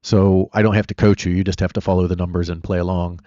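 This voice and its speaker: A man's voice: sits low, level tone, fast talker, warm tone, no room sound, highs cut off. A man hosting a live trading stream, chatty and blunt, rambling between chart talk and answers to viewers. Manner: blunt and opinionated. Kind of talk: casual live-stream commentary.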